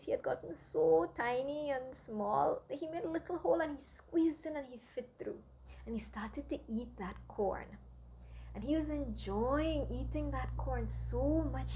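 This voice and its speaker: A woman teaching children with a story, gentle and often dropping to hushed asides. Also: high-pitched.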